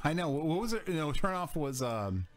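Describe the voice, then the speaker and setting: A man's voice: fairly high pitch, big pitch swings, brisk, faint music behind. A man hosting a casual podcast chat, laughing often and talking loosely. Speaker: podcast host.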